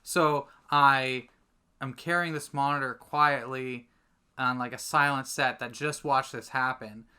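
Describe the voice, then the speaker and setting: A man telling a lively anecdote as a guest on a casual podcast, full of fillers and restarts. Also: mid-range voice, measured pace, clear, resonant tone. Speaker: podcast guest, commercial content producer. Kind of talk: casual storytelling chat.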